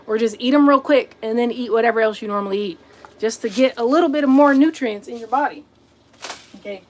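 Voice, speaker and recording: A woman hosting a casual livestream, answering viewer comments and scolding rude ones. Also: on the high side. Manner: sassy, confronting chat commenters directly; talks to viewers as y'all and buddy. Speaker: livestream host.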